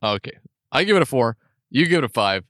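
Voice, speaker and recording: A man's voice: medium pitch, very animated, fast talker, fairly bright tone, dry recording, studio quality. A man co-hosting a casual podcast, reviewing beers with jokes, frequent laughter and trailing restarts. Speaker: podcast co-host. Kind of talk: casual beer review chat.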